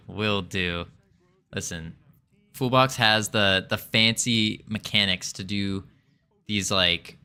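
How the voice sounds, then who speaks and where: A man with a lowish, sharp voice and a clear, resonant tone live-streams his game dev work. He mutters as he reads code and jokes at his own expense in casual live coding commentary.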